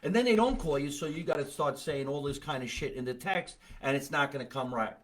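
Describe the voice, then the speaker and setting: A man's voice: a little high, fairly quick. A man hosting a comedy podcast, talking in a blunt, profane, rambling way in casual chat. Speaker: podcast host.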